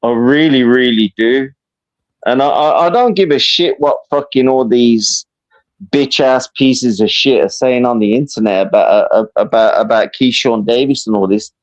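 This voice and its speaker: Calling into a live stream, a Birmingham-accented British man in his fifties chats casually at a rapid, animated clip. He swears a lot and keeps saying "listen, bro," in a medium-pitched voice over poor audio.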